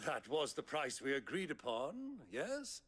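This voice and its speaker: Brief: a hammy older nobleman, stagey and lively, higher-pitched, for a game cutscene. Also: a little slow, husky, exaggerated voice. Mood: scheming. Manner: grand, hammy stage delivery. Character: theatrical older nobleman uncle posing as villainous buyer. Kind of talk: video game cutscene dialogue.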